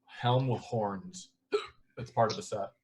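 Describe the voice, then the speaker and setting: A man narrating as dungeon master, describing items in a measured, descriptive way. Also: lowish voice, noisy background. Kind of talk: narrating a tabletop game.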